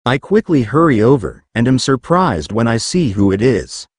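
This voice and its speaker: A man reads a fan-made story aloud in a casual first-person voice, sometimes reading out the punctuation itself. His pitch moves around a lot, and the sound is close and dry with no room. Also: big pitch swings, normal speed, husky, no echo. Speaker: fan fiction reader.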